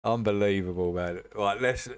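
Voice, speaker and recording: A man's voice: fairly low pitch, normal speed, clean tone, no echo. Laughing, jokey man on a dry mic. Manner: laughs often, repeats himself, jokey. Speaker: livestream host. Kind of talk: casual chat.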